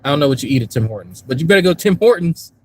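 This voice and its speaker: Very fast and animated, this man's fairly high voice has a slightly rough edge, and the recording itself is rough. He's a YouTube commentary streamer on a casual stream, swearing and rambling to chat while outdoors in a park, then sitting in a parked car.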